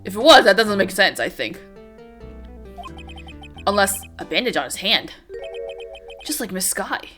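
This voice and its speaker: A woman's voice: mid-range voice, very animated, unhurried, pauses often, bright, forceful tone, faint music behind. A woman giving casual, blunt commentary while playing a video game, swearing now and then. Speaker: gaming streamer. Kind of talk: casual let's-play commentary.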